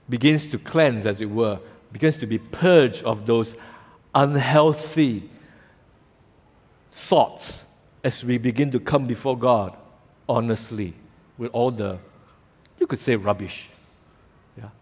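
Animated male preacher in a reverberant hall. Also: medium pitch. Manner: animated storytelling, acting out voices; casual local fillers like "lah" and "ah". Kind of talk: sermon.

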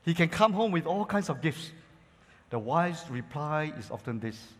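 A male pastor preaching a sermon, calling his listeners "church" and using many "you know" fillers. He moves between loud, emphatic lines and quiet asides. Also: on the high side, expressive, moderate pace, long reverb tail.

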